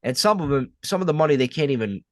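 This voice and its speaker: A man's voice: on the high side, animated, quick pace, dry recording, clean studio sound. A man from the United States co-hosting a podcast, blunt and profane in casual chat. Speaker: podcast co-host.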